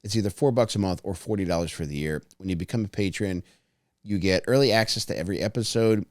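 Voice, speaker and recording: A man with a very low voice hosts a casual podcast, telling stories in a laid-back way. The recording is dry and close. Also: quick pace, darkish tone, dry recording. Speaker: podcast host. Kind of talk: casual chat.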